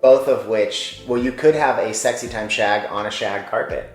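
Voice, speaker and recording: A man's voice: on the low side, moderate pace. A man hosting a casual vlog, talking in a playful, jokey way. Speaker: vlog host. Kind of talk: casual chat. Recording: echoey room with faint music.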